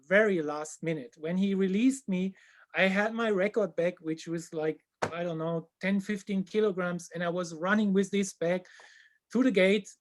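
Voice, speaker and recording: A man with as his telling a funny tour story in casual chat, animated and dropping to a hushed voice at embarrassing moments. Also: high voice.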